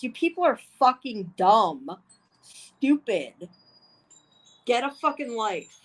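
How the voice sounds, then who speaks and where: Pausing often and speaking slowly, a woman livestreamer rants in anger, her voice on the high side with big pitch swings. She is heated and profane and keeps repeating herself; the low-quality recording picks up faint wind chimes.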